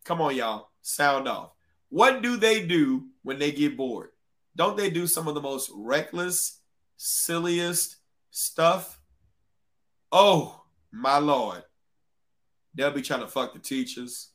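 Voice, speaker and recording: Brief: livestream host, casual and profane, with a fairly high, bright voice. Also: male voice, animated, takes it slowly, pauses often. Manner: casual, profane, talks straight to chat.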